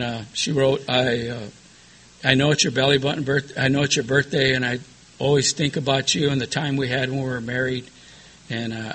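A man's voice: mid-range voice, sharp tone, breathy edge. A middle-aged man speaking at a recovery meeting, giving a plain-spoken personal testimony that rambles with many fillers.

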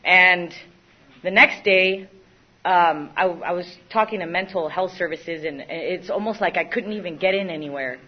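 Speaking at a moderate pace in a lowish, slightly rough voice, this young recovery speaker tells her personal story candidly and mocks herself along the way. She keeps stopping and starting over, and the lo-fi recording sounds dull.

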